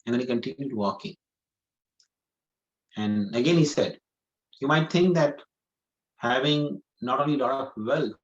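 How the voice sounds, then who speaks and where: A man's voice: medium pitch, dull audio. A man giving a scripture class, telling a story earnestly and repeating phrases for emphasis. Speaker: preacher.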